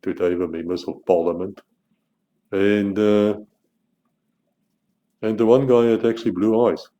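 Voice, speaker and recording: A man's voice: fairly low pitch, fairly even intonation, unhurried, dark tone, highs cut off. A South African man talking bluntly as a channel host, restarting and repeating words as he argues his point. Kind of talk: opinionated monologue to camera.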